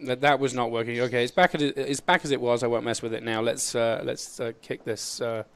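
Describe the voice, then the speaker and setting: Australian man, live stream host, casual, smooth resonant voice. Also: medium pitch, steady tone, a bit bright. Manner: chatty, halting, laughs often while fixing tech.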